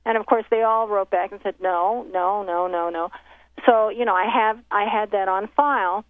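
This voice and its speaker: A woman's voice: mid-range voice, steady tone, normal speed, dry recording. A woman who makes documentaries, recounting a story in casual conversation and acting out the exchanges she quotes, with many restarts. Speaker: documentary filmmaker telling her story. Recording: tinny phone line, dry.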